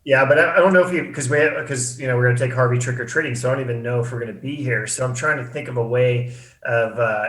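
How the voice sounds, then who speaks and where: A man's voice: mid-range voice, quick pace, a bit bright. Easygoing man in an echoey room. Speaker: podcast guest. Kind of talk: casual chat.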